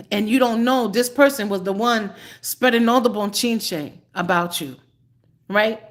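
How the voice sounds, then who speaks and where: A woman giving a live tarot reading, chatty and unhurried, choked up and often clearing her throat. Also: fairly high pitch. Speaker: tarot reader.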